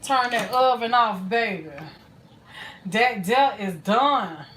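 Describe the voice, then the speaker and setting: A woman's voice: on the high side, takes it slowly, fairly bright tone, a little hiss or hum. A woman chatting folksily while cooking on a live stream, calling her viewers child and honey. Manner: folksy and chatty, full of endearments.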